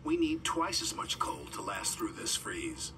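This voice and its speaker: A man voicing an eager male station master in a storybook, calling out excitedly. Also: sits low, measured pace, recorded from a distance, a little hiss or hum, voice pushed down, full character voice. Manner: excited, pleading.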